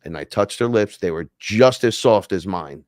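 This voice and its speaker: Man, podcast host, casual storyteller; low-pitched, excitable, foul-mouthed, loud-then-hushed delivery; dry close sound. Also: normal speed, dry recording. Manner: profane, excitable, swings between loud and hushed. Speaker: podcast host recounting an experience.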